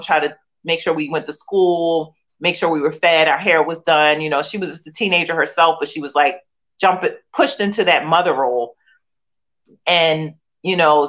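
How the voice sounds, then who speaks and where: A woman in her forties from Philadelphia, USA, appearing as an author and guest, shares her personal testimony earnestly and emotionally, with many you-knows and restarts. Her voice is low-pitched with a fairly bright tone.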